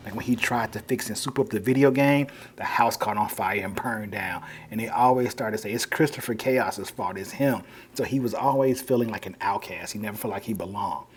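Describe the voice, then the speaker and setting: A man's voice: lowish voice, brisk, hardly any pauses, slight background noise. A man giving a casual, rambling recap of a comic book, full of "you know" and "like".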